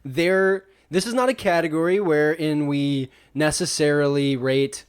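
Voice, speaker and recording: A man's voice: on the high side, steady tone, a little slow, clean tone. A man co-hosting a podcast, giving rambling, hedging explanations in casual chat. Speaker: podcast co-host.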